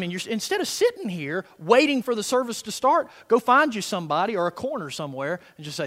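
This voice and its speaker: High-pitched, animated preacher man. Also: fast talker, hardly any pauses. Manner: swings from soft murmured prayer to loud emphatic preaching. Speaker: pastor. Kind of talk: sermon. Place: church sanctuary. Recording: long hall reverb.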